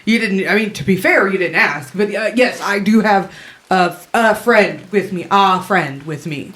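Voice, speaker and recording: Woman GM doing a jittery swearing captain, stammers and rambles, a bit higher. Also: normal speed, fairly bright tone, lightly acted. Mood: flustered. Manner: flustered, stammering, cursing. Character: nervous, swearing male captain, rambling to excuse himself.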